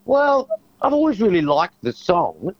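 A man, a musician being interviewed, chatting and joking with lively stories. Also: high voice, measured pace, dry recording, lo-fi sound. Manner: jokey, storytelling, animated. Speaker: guest musician. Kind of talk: casual interview chat.

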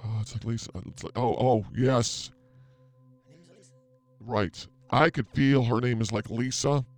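A man's voice: mid-range voice, steady tone, unhurried, darkish tone, faint music behind, lightly acted. A man playing a brash self-declared psychic healer in an improvised comedy bit, talking in a theatrical, blustering way. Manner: over-the-top, theatrical, blustering.

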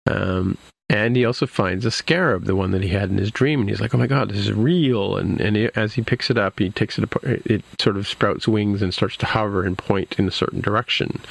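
A man recaps a story in a relaxed, meandering way, stumbling over restarts and fillers. His voice sits a little low with a gravelly edge, recorded dry and close with no room sound. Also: fairly quick, dry recording, poor audio. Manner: rambling retelling with many fillers and restarts. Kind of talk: casual episode recap.

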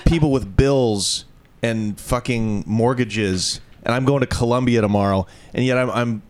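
A man's voice: mid-range voice, measured pace. Rambling, teasing podcast co-producer man. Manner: rambling, teasing, laughs through his lines. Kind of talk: casual podcast banter.

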